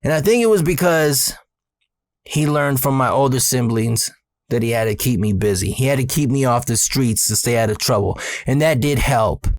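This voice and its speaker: A man's voice: mid-range voice, moderate pace, no room sound. Profane casual storyteller man, dry sound. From Arizona, USA. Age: 30s. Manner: profane, streetwise slang, animated when excited. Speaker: storyteller host.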